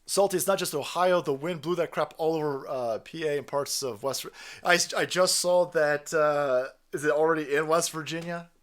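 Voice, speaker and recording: A man's voice: fairly high pitch, normal speed. A man giving crude, mocking reaction commentary, ranting and swearing. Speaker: online commentator.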